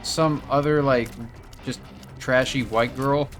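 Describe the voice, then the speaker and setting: A man's voice: medium pitch, fairly even intonation, slow pace, fairly bright tone, faint music behind. Rambling, swearing man telling a story. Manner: rambling storyteller, swears a lot, many fillers. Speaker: gameplay video host. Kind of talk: casual chat while playing a game.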